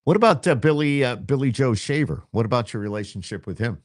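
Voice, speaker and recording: A man hosting a podcast, asking interview questions in a relaxed way with brief affirmations. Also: medium pitch, fast talker, dry recording, clean studio sound. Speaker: podcast host.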